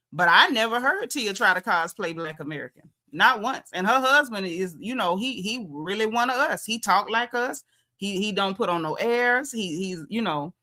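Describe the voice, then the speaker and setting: A young woman with a bright, fairly high voice gives a chatty reality-TV recap. She talks straight to her audience and tells the story with lively, opinionated flair. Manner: animated, conversational, talks straight to viewers. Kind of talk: casual reality-show recap commentary.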